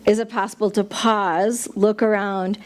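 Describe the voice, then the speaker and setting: A woman's voice: mid-range voice, little pitch movement, measured pace. A middle-aged woman minister giving a chatty, playful sermon to a congregation, joking along the way. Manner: chatty, playful, laughs at own jokes. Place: church sanctuary.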